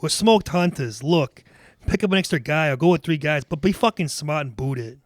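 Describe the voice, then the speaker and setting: A fed-up robber who speaks bluntly and curses, as a man reads him in a casual fan reading. The voice is a little high. The sound is close and dry. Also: animated, moderate pace, no echo, lightly acted. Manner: blunt, cursing. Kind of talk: fan reading of film dialogue.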